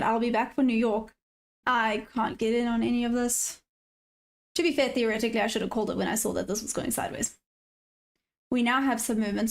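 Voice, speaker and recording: A South African woman trading live on stream, chatting casually and answering viewers' messages. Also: a little high. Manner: chatty, reads chat aloud and answers viewers. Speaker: livestream day trader.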